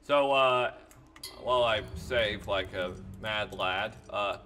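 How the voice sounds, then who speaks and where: A man's voice: on the low side, slow pace, bright, forceful tone, a little hiss or hum. A man hosting a let's play, chatting casually while gaming, rambling, joking and swearing.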